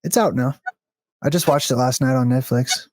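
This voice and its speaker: A man's voice: medium pitch, normal speed, dry recording, faint music behind. Man, casual gameplay chat, rambling, thinking aloud, dry close sound, voice call mic. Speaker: co-host of a gaming video.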